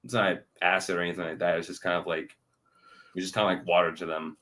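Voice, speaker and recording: A man's voice: flat delivery, fast talker, pushed and bright. A young man co-hosting an anime review chat, laughing often and leaning on filler words as he recaps scenes. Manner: laughs often, lots of filler likes, voices scenes in jumps of pitch. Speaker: anime review podcast co-host. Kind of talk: casual chat.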